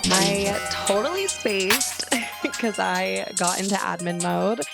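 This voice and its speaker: Gravelly, bubbly young woman podcast host. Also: mid-range voice, over loud music. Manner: bubbly, chatty and profane, rushing her words. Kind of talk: casual solo podcast chat. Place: her own bedroom. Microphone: handheld microphone.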